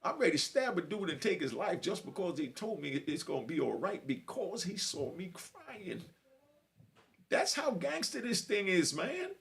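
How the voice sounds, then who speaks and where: Earnest middle-aged man, slightly high voice. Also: big pitch swings, normal speed, vocal fry, a bit bright. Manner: earnest street talk, repeats "you know what I mean". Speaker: vlogger telling prison stories. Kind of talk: emotional personal storytelling.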